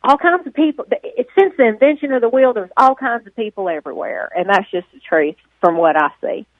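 A woman's voice: fairly high pitch, animated, brisk, no echo. A woman from Central Florida with a Southern accent, chatting as a guest musician over the phone, rambling and laughing often. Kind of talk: casual phone interview. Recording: tinny phone line.

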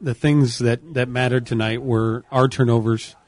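A man's voice: mid-range voice, little pitch movement, moderate pace, darkish tone, no room sound. A man commentating on a postgame football radio show, out of breath and earnest. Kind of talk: postgame radio sports talk.

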